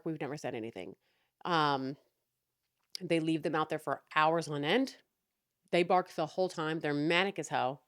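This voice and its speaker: A woman's voice: low-pitched, normal speed, long pauses, a bit bright, no echo, clean studio sound. A young adult woman hosting a podcast, telling a long story in an exasperated, sarcastic and profane way. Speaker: podcast host. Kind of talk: casual storytelling rant.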